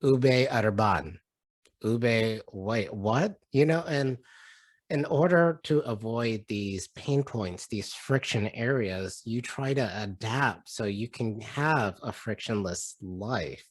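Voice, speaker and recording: Hawaiian-accented male panelist, unhurried and reflective, dry close sound. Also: medium pitch, dry recording. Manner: slow, reflective, thinking aloud. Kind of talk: panel discussion.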